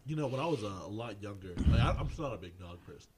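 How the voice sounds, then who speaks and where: Man joking deadpan in casual chat. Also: fairly low pitch, background noise. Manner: deadpan jokes, halting with fillers.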